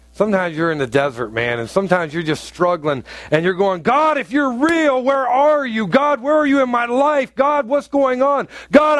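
A man's voice: high voice, no room sound. A male pastor preaching a sermon in a conversational way, asking the congregation questions and acting out taunts in a raised voice.

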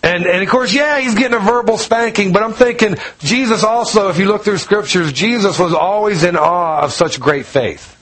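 A man's voice: high-pitched, expressive, moderate pace, hardly any pauses, a bit bright, rough recording. A man preaching a casual, conversational sermon, retelling scripture with homey storytelling and frequent chuckles. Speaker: pastor.

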